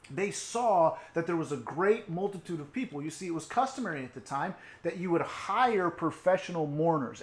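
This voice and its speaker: A man preaching an online sermon, telling a story expressively, sinking into hushed tones and rising again, with casual asides. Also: sits high, reverberant. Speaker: youth pastor.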